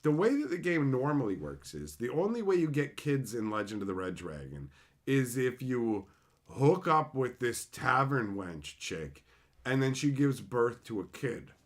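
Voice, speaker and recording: Excitable man spinning a gaming story. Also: mid-range voice. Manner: playful, excitable, slips into voices. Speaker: channel host. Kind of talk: animated storytelling.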